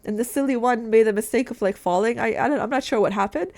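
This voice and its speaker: Young woman vlogger, twenties, a bit high-pitched, chatty and candid, swears a lot, calls viewers guys. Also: quick pace, few pauses, darkish tone. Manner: candid, swears often, heavy filler "like", addresses viewers as guys. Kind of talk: casual rambling monologue.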